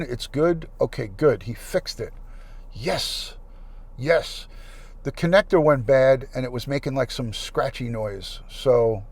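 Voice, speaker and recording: A man's voice: medium pitch, darkish tone. A man hosting a casual livestream, chatting and thanking viewers by name into a plug-in mic. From United States. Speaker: livestream host.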